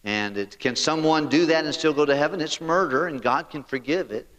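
A man preaching a sermon as pastor, animated and talking straight to his congregation. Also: on the high side, a little fast, in a large hall.

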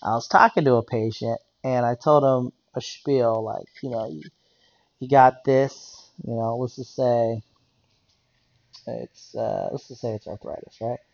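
A man's voice: medium pitch, steady tone, a little slow, vocal fry, a little mellow, no echo, dull audio. A man talking in a rambling, blunt casual rant about working in a medical office, swearing and repeating himself.

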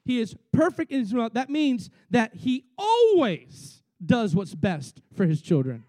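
High-voiced animated male preacher. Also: a little slow, no room sound. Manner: animated, acts out voices and quotes with big swings in loudness. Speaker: pastor. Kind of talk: sermon.

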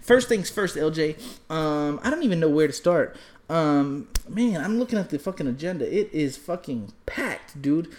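A man's voice: on the high side, expressive, moderate pace. A young man co-hosting a podcast, telling loose stories full of swearing. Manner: loose storytelling, heavy swearing, shouts when acting out quotes. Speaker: podcast co-host. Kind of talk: casual podcast chat.

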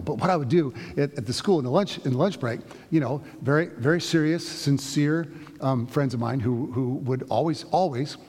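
A husky, gravelly middle-aged man giving a sermon as a pastor. He tells stories in a loose, conversational way, often restarting his sentences. His voice rings out with a long reverb, as in a large hall. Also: mid-range voice, a little mellow. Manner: conversational storytelling with frequent restarts.

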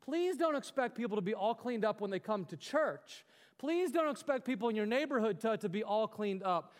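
A male pastor delivers an earnest, exhorting sermon in a fairly high voice, often turning to rhetorical questions. His words ring out with a long reverb from a large hall. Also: expressive, normal speed.

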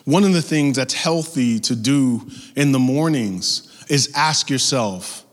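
A man's voice: medium pitch, expressive, takes it slowly. A man preaching a sermon as pastor, emphatic and building with repeated phrases. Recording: long reverb from a large hall.

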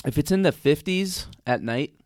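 A man's voice: a little high, animated, moderate pace, darkish tone, no echo, studio quality. A man co-hosting a podcast, chatting casually in a playful, teasing way into a desk mic. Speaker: podcast co-host. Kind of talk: casual chat. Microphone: desk microphone.

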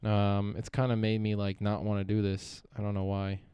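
A man's voice: fairly low pitch, monotone, moderate pace, warm tone, clean tone, no echo. A young man hosting a solo podcast, rambling and swearing freely, often trailing off and restarting. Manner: profane, meandering, self-interrupting. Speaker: podcast host.

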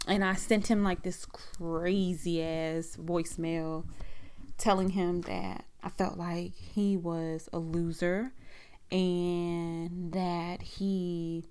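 A woman's voice: fairly low pitch, darkish tone, smooth. A woman telling a personal story in a frank, profane, rambling conversational way.

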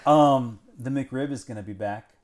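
A man in relaxed conversation, blunt and a little crude, quick to poke fun. His pitch sits in the middle range, and his tone is loose and joking. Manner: blunt, profane, easily amused. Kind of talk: casual chat.

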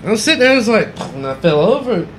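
Man, storyteller, profane and animated, a bit high-pitched, faint room hum. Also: fast talker. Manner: profane animated storytelling, acting out quotes loudly. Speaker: podcast co-host. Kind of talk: storytelling on a podcast.

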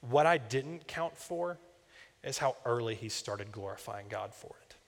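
A young man, a campus minister, preaching a sermon in a conversational, storytelling way. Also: medium pitch. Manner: conversational, personal storytelling with asides. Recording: long reverb of a large church hall.

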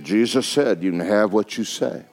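A man's voice: fairly low pitch, moderate pace, a little mellow. A middle-aged male pastor, preaching a sermon in a folksy, emphatic way and repeating phrases for effect.

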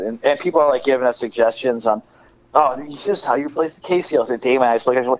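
A man's voice: mid-range voice, quick pace, muffled recording, a little hiss or hum. A man talking as a podcast guest in casual chat, laughing and swearing as he tells shop stories.

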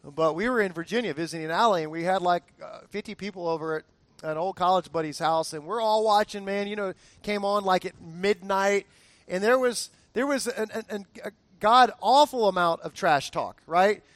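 Man, pastor, high voice, dry close sound, joking, stumbles over words, calls on the congregation. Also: normal speed, no echo. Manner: conversational and humorous, stumbles and repeats words; animated, asks the audience to answer aloud. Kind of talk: sermon.

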